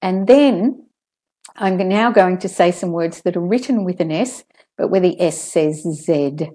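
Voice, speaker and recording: A woman teaching pronunciation in an online lesson, calmly drilling word pairs and sentences. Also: on the low side. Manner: slow, careful drills with clear word pairs.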